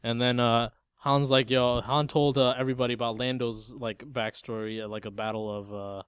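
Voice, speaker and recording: A young man chatting on a podcast with a smooth, clear voice recorded dry and close. He retells a movie in an easygoing, animated way, slipping into quick impressions and laughing often. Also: mid-range voice, dry recording. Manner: loose, animated retelling with lots of "like" and "yo", breaking into laughter. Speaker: podcast co-host. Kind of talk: casual movie discussion.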